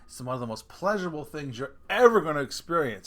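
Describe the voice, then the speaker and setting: A middle-aged man rants to camera about family life in a loose storytelling way. His fairly high, bright voice swings up and down as he gets worked up, with plenty of swearing and laughter at his own jokes. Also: big pitch swings, quick pace. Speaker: vlogger. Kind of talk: casual storytelling rant.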